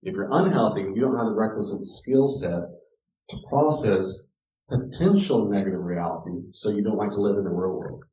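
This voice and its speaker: This speaker on parenting and character has a warm, fairly low voice and talks at a normal speed. His casual teaching talk on parenting is conversational, with bits of dialogue acted out, and it comes through a roomy, distant, dull recording.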